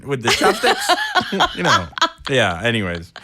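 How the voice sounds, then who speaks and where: Young male comic guest, bright and animated, acts out every character. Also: mid-range voice, measured pace. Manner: animated, laughs often, acts out voices in stories. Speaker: podcast guest, comedian. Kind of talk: casual comedic storytelling.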